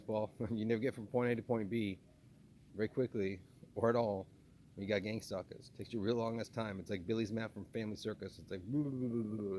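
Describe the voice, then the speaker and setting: A brash, chummy guy with a put-on Boston accent ribs his buddy, stretching out his jokes in a teasing way, as a man hams it up. His voice sits a little higher and louder than plain talk, with a faint hum underneath. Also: lightly acted.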